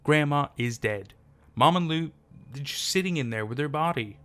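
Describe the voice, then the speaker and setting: A man's voice: on the high side, animated, moderate pace, fairly bright tone. A man voicing Anna, a shaken young woman. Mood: frantic. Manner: pleading, shaken.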